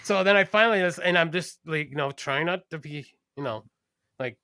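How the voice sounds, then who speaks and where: A man hosting a podcast, telling a story with lots of cursing and animated energy. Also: a little high, brisk, smooth, dry recording, studio quality. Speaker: podcast host, garbage collector. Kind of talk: casual podcast chat.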